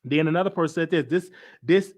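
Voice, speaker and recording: Hosting a live show online, a man from the United States speaks a bit fast in a somewhat high voice. His delivery is casual and forceful, with repetition and viewer comments read aloud.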